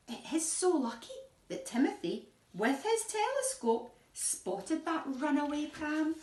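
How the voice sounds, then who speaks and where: A woman reading a picture book aloud to young children, with a lively sing-song delivery, gasps and questions to her listeners. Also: high-pitched, takes it slowly. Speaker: children's story reader. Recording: echoey room, voice from a distance.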